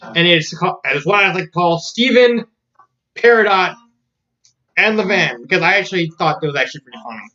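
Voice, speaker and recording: A casual fan-fiction reviewer who rambles, restarts sentences and laughs along the way. The voice sits at a middling pitch. The recording is muffled and lo-fi. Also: expressive, fairly quick, bright, forceful tone.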